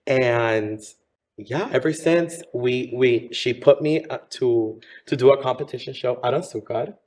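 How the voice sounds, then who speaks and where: A man's voice: medium pitch, measured pace, darkish tone. Man, 30s, drag performer guest, campy and chatty, mid-range voice. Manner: campy, chatty, says honey. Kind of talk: casual interview chat.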